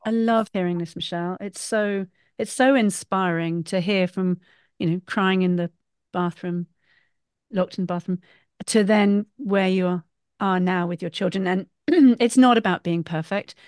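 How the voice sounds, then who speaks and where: A woman's voice: mid-range voice, moderate pace, smooth, no echo, studio quality. A middle-aged woman hosting a parenting podcast, chatting animatedly and acting out voices when she tells stories. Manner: animated, acts out voices in quotes. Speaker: podcast host, parenting coach. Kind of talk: casual conversational interview.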